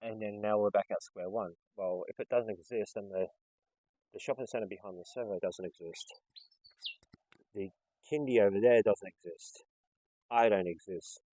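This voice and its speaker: A man with an Australian accent telling an exasperated, animated story to his vlog audience. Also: fairly low pitch, normal speed, slight background noise, rough recording. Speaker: vlogger.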